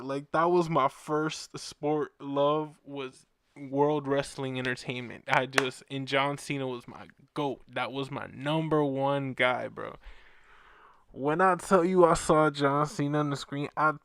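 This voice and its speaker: Animated slangy young man host. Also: a little high, clean tone, no room sound, studio quality. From Orlando, Florida. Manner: animated, slangy, says bro a lot. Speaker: fan show host. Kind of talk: casual storytelling chat.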